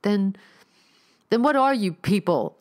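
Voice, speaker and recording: A woman's voice: sits low, flat delivery, normal speed, close to an everyday voice. A woman voicing a panicked captive old husband. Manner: shouting, desperate. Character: terrified older husband held captive.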